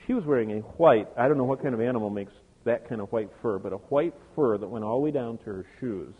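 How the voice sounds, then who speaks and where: A man's voice: medium pitch, slightly rough. An older man preaching a sermon, telling a personal story to his congregation with many asides. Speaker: pastor. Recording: tinny phone-like sound with long hall reverb.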